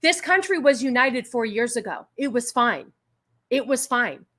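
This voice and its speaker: A woman's voice: fairly high pitch, lively intonation, a little slow, fairly bright tone. A woman hosting a casual live stream, talking back to chat in an exasperated, argumentative way and thanking donors. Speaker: livestream host. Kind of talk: casual political commentary stream.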